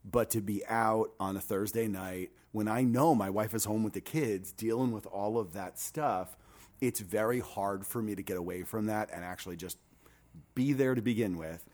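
A man's voice: lowish voice, moderate pace, darkish tone. A man, likely in his thirties, talking reflectively and earnestly as a men's ministry leader in a casual chat.

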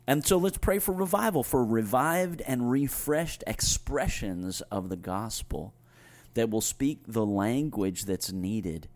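A man speaking as a pastor, earnestly exhorting listeners and reading scripture slowly. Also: on the low side, a little mellow. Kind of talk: pastoral talk closing in prayerful exhortation.

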